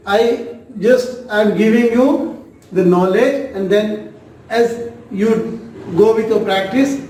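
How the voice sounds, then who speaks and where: A man's voice: high-pitched, slow, darkish tone. A Hindi-native man with an Indian accent teaching an online language lesson, repeating each sound and asking the class to say it back. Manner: drills sounds by repeating them, asks "what we say?". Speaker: Hindi tutor. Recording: very echoey room, distant mic.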